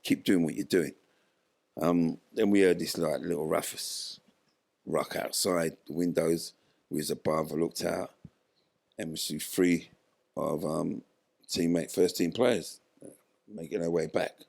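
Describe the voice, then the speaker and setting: Casting: older man, very low gravelly voice, animated storyteller who plays out the dialogue himself. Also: measured pace. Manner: animated retelling, acts out quoted dialogue. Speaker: interview guest, former footballer. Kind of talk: storytelling in a podcast interview.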